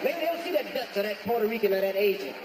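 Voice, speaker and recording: A man from the United States doing stand-up comedy on a club stage, talking slowly with many fillers and pauses. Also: high voice, expressive, crowd noise, noisy background. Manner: slow, hesitant delivery with many fillers. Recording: echoey hall with live audience.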